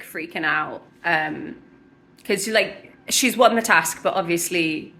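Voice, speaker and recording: A woman's voice: lowish voice, fairly bright tone. A young woman recapping a fantasy novel in a casual, sweary chat, full of wry asides. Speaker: book vlogger.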